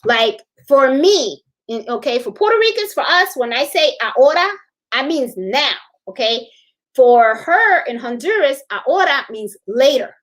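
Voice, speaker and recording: A middle-aged woman chats casually on a live sewing stream, and her voice sits a little high. She rambles from story to story, laughs easily and stops to answer viewer comments. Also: lively intonation, a little slow, a bit bright. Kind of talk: casual livestream chat.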